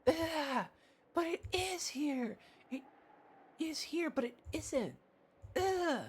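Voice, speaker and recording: Man putting on a shrill whiny little girl. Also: expressive, very slow, exaggerated voice. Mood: insistent whining. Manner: shrill repeated "uu" whining.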